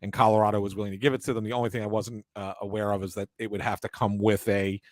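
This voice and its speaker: A man's voice: on the low side, level tone, fast talker, dry recording. A man co-hosting a casual sports talk show, working through his analysis at length and restarting his sentences often. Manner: analytical, explains at length with many fillers and restarts.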